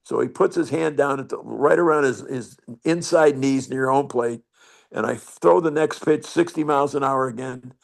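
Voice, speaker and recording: An older man appears as a guest on a video call, spinning rambling, salty anecdotes. His mid-range voice carries some vocal fry and moves at a normal speed.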